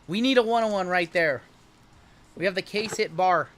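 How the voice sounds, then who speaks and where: A high, bright-voiced man runs a livestream card break, calling out every pull as it comes. He keeps the patter jokey and upbeat between cards. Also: normal speed. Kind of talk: livestream card-opening commentary.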